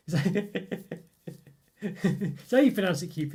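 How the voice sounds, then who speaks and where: A man's voice: a little high, moderate pace, long pauses, dark tone, slightly rough. A man hosting a live stream, chatting in a rambling way and reading out viewer comments with lots of fillers and chuckles. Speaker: live stream host reviewing chocolate.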